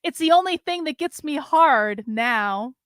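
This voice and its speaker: A woman's voice: sits high, animated, measured pace, no echo, studio quality. A woman voicing a bound man who howls and pleads, reading a comic fan story aloud. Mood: eager. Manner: howling, pleading.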